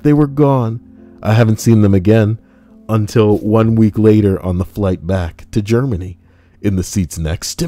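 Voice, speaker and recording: This man has a fairly low, dark-toned voice. As a reddit story reader and streamer, he reads internet posts live in a casual way, joking, swearing, making asides, and slipping into laughter and mock voices. Light guitar music runs beneath the recording.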